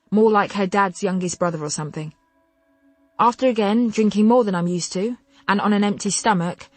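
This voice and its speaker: An audiobook narrator, a woman with a fairly low pitch, reads a contemporary novel told in first person. Her telling is expressive and wry, recorded on a close studio mic with no echo.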